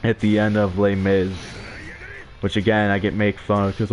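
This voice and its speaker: A man's voice: on the low side, level tone, moderate pace. A young man giving casual, rambling commentary over his gameplay, with frequent filler words and chuckles. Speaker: let's play gamer.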